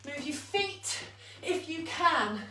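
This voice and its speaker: Woman fitness coach, high bright voice, slow and out of breath, roomy echo from a distance. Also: lively intonation. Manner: upbeat coaching, counting down, laughing at herself. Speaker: fitness instructor. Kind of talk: live online exercise class.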